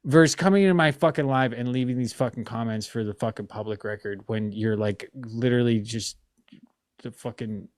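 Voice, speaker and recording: A man's voice: medium pitch, lively intonation, moderate pace, darkish tone, no room sound. A man hosting a live stream panel, talking in a casual, profane and exasperated way. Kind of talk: casual ranting chat.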